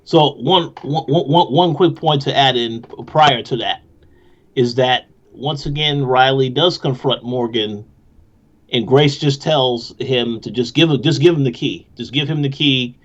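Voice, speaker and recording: A man's voice: mid-range voice, measured pace. Man with slightly muffled sound. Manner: brief agreeing interjections. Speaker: podcast co-host. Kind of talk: casual episode discussion.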